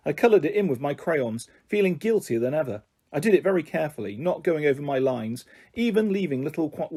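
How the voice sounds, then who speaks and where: Guy reading a kids book out loud, calm, slightly high voice, kinda husky. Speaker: storyteller. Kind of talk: reading a children's novel aloud.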